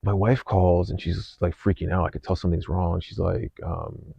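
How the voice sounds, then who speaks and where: A podcast host with a very deep, gravelly voice and little pitch movement tells a personal story in an earnest, unhurried way. He often restarts sentences and fills pauses. The recording is dry and slightly dull.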